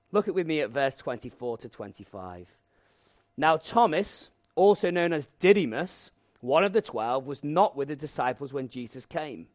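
A man preaching a lively, humorous sermon and acting out voices to tell the story. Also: medium pitch, normal speed, no echo, clean studio sound.

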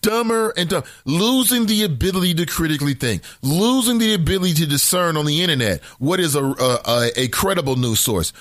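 A man's voice: a little high, fairly bright tone, no echo. A man hosting a morning radio talk show, giving rambling, opinionated commentary from a studio mic.

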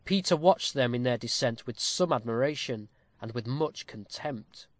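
A man reading a classic novel aloud with a steady, formal storytelling cadence, close to the mic. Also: mid-range voice, normal speed, no echo. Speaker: audiobook narrator. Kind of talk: scripted narration of a classic novel.

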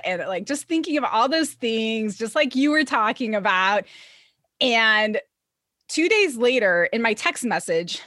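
Bubbly woman host, fairly high voice, dry close recording, laughs easily. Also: lively intonation, measured pace, sharp tone, no room sound. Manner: bubbly, laughs often, acts out her own thoughts. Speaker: podcast host. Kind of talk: casual podcast chat.

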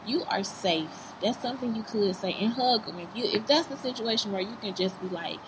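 A woman vlogging in a fast-food restaurant, talking in a blunt, profane, rambling way. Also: a little high. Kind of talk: casual vlog talk. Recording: noisy restaurant background.

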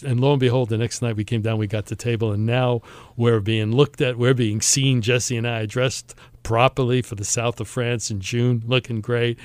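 A man hosting a podcast, telling a travel story in a lively way and acting out the other people's lines. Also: medium pitch, normal speed, no room sound. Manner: animated storyteller, acts out quoted voices. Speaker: podcast host. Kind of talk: storytelling chat.

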